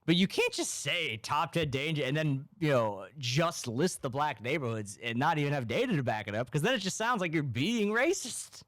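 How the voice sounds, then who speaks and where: A man from Massachusetts hosting a casual comedy podcast, rambling in a deadpan, ironic way with lots of "like". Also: fairly high pitch, moderate pace, few pauses, dry recording, clean studio sound. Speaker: podcast host.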